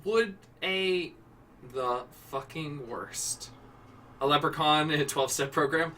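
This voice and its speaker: A man's voice: fairly high pitch, unhurried, sharp tone, far from the mic. A man hosting a casual prompt show, rambling and correcting himself as he talks, with frequent swearing. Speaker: host. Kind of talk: casual improv prompt chat.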